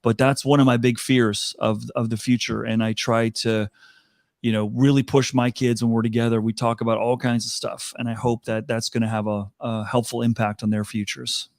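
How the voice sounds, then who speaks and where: A man's voice: mid-range voice, flat delivery, normal speed, no room sound. An older man speaking as an interview guest, earnest and thoughtful, with fillers and restarts. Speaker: guest, talent advisor. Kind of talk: reflective interview talk.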